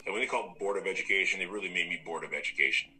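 A man's voice: sits low, racing, bright, forceful tone, low-quality recording. A man in casual conversation who jokes around and acts out little quoted voices. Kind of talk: casual chat.

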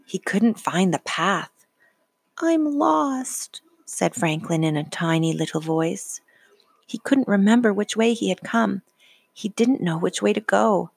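A woman reading a children's storybook aloud in a gentle, unhurried way. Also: fairly low pitch, slightly rough, no echo.

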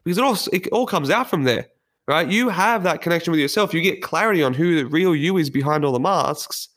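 A man's voice: on the high side, lively intonation, a little fast, a bit bright. Earnest man giving a motivational talk. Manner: earnest, candid and reflective. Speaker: personal development speaker. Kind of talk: motivational monologue.

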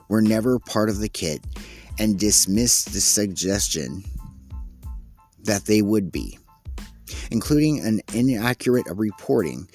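Deep-voiced exasperated male podcaster. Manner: halting and exasperated, frequent restarts. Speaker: podcast host. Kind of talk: solo opinion podcast, reading news and commenting.

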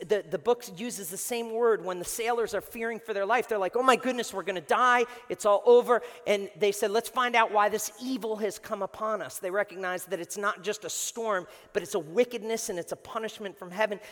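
Animated preacher in an echoey hall. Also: male voice, sits high. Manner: animated, swings from shouting to hushed, acts out quotes. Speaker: pastor. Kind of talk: sermon. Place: church sanctuary before a congregation.

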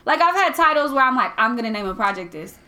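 A young woman, a podcast guest, chatting casually, blunt and quick to swear and laugh. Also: on the high side, animated, a crowd in the background.

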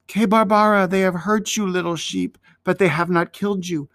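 A man voicing a wounded shepherd boy who speaks softly and tenderly to a hurt lamb, his voice lifted higher than his own. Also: brisk, dry recording. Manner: soft, coaxing, tender.

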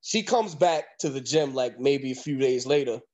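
A man casually telling a story in profane, animated slang, often breaking into laughter. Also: medium pitch, normal speed. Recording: dull lo-fi recording.

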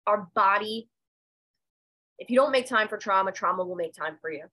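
A medium and intuitive appears as a podcast guest, telling her personal story in a candid, emphatic way and swearing freely. Her medium-pitched voice is pushed and bright, with lively intonation and normal speed, dropping and rising with raw emotion. The audio is poor.

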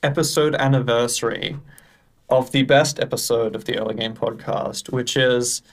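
A man's voice: medium pitch, fairly even intonation, moderate pace. A man co-hosting a gaming podcast, joking and swearing freely. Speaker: podcast co-host. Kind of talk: casual gaming podcast chat.

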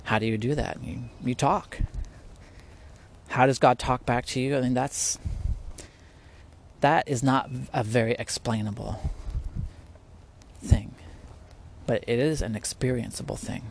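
A man talks through a podcast in a loose, unscripted way, circling back on his words and breaking into laughter. His voice sits at an ordinary middle pitch, and he sounds earnest and easygoing. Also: fairly even intonation, unhurried, gravelly, pauses often, slight background noise. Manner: earnest, rambling, laughs often. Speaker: podcast host. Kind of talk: casual spiritual talk. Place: at home, near spiders.

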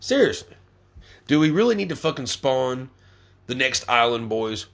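A man's voice: medium pitch, big pitch swings, normal speed, creaky. A young man hosting a podcast, ranting angrily with constant swearing and stammered restarts. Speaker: podcast host. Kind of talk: profane ranting monologue.

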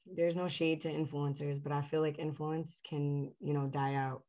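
A woman's voice: low-pitched, moderate pace, hardly any pauses, a little mellow. A woman chatting as an interview guest, casual and talkative, with many fillers, sometimes reflective and earnest. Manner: reflective and earnest about her purpose.

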